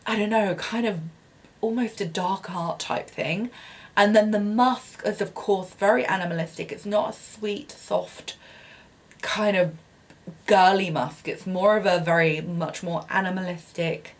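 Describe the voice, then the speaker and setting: A young woman giving a casual, chatty product review at home, bubbly and self-deprecating with lots of fillers. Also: mid-range voice. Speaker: beauty vlogger.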